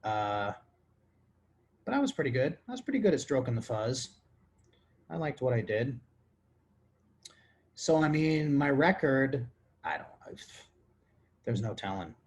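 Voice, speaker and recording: A drunk Texas podcast host rambles crudely as he answers listener questions in a laid-back comedic monologue. His mid-range voice is very animated yet unhurried, broken by long pauses.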